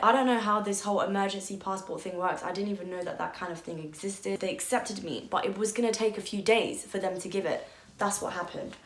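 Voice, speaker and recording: A young woman telling a personal story on her vlog, candid and emotional, peppered with "like" and the odd swear. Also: medium pitch. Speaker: vlogger. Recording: echoey room.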